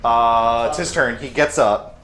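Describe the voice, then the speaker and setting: A man running a tabletop role-playing game as game master, quick and jokey, with lots of "like" fillers. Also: medium pitch, steady tone. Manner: quick, joking, loose with fillers like "like". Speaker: dungeon master. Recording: echoey room with music behind.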